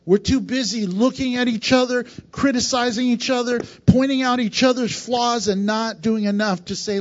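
A man preaching a sermon, swinging between emphatic loud lines and hushed, quieter passages. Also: extremely high pitch, fairly even intonation, moderate pace, few pauses. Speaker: pastor. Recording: dull lo-fi sound.

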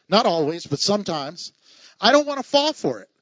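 A man with a high voice preaches a sermon, animated and quick to laugh, acting out the people he reads about. The sound is dry and close, with no room echo. The recording itself is dull and muffled. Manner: animated, laughing asides, acts out the people in the reading. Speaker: pastor.

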